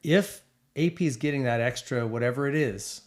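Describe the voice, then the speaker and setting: A man's voice: mid-range voice, moderate pace. Chatty middle-aged man talking racing. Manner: enthusiastic, rambling with fillers. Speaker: podcast co-host. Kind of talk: casual chat about racing.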